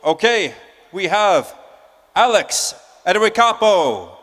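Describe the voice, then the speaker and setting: A man with a high, light voice calls out prize winners at a live conference. He speaks in a loose, joking, chatty way. His voice rings with a long reverb from the big hall around him. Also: very animated, slow pace, fairly bright tone. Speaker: emcee drawing prize winners.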